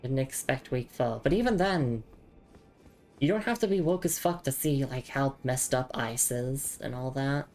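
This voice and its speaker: Woman, Australian accent, young adult, casual game streamer, chatty, stammers, very low voice, faint background music. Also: expressive, moderate pace, darkish tone. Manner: chatty and stammering, often repeats words. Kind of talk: casual live game commentary.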